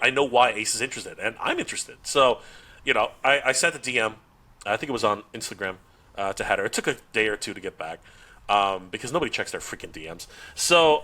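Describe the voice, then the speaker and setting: A man on a podcast, chatting casually and telling a story, acting out the dialogue with frequent laughs and restarts. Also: medium pitch. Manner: animated, acts out quoted dialogue, laughs often, frequent restarts. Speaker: podcast guest, toy YouTuber.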